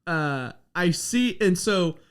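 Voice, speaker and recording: A podcast host with a fairly high voice, a man from Oklahoma, tells a casual story. He rambles, piling on "like" and small restarts as he goes. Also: expressive, takes it slowly, smooth. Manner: rambling, filler-heavy storytelling with lots of "like".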